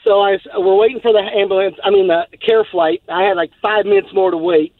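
A man's voice: high-pitched, steady tone, fairly quick, no room sound. A male caller telling a long story on a radio show in a rambling, laughing way with many fillers, heard over a phone line. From Texas. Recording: tinny phone line, dry.

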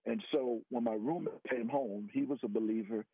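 A man telling his faith testimony as a radio guest, earnest and rising in pitch for emphasis. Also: moderate pace, creaky. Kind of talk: personal testimony. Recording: tinny phone-line radio audio.

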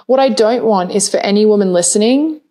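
A woman's voice: mid-range voice, brisk, mellow. A woman hosting a podcast who talks emotionally, laughs often and swears casually. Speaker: podcast host. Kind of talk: podcast interview.

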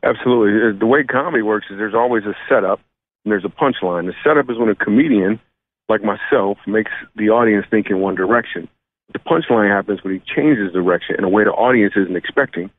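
A man's voice: lowish voice, quick pace, dry recording. A comedian in his thirties from Michigan, joking and telling stories in a laid-back way during a radio interview over the phone. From Michigan, USA. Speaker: comedian guest. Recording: tinny phone line.

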